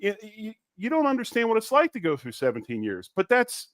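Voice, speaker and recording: A man co-hosting a casual sports talk podcast, his voice sitting a little high. He argues with passion and emphasis, often doubling words as he gets going. The sound is close and dry, with no room around it. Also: fairly quick, no echo. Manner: passionate, emphatic, repeats words when excited. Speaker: podcast co-host.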